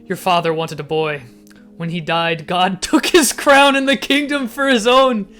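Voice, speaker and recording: A man casually commenting as he reads a text adventure game aloud, getting excited and laughing often. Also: high voice, unhurried, smooth, faint music behind. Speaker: gaming YouTuber.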